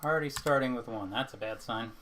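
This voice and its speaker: A man's voice: mid-range voice, fast, pushed and bright, slight background noise. A man streaming a puzzle game from home, chatting casually and out of breath from exercising between puzzles. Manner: counts exercise reps aloud between chatty asides. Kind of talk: casual chat while playing a puzzle game.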